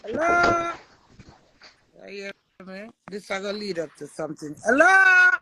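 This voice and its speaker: A woman's voice: medium pitch, big pitch swings, a little slow, noisy background. A woman with a Jamaican accent chatting casually on a livestream, playful and boastful in patois. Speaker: livestream host.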